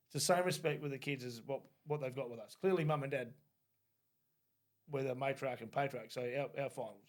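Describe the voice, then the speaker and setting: A middle-aged Australian man co-hosting a podcast, telling stories bluntly and casually, with the odd swear word. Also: a little high. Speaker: podcast co-host. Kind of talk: casual chat.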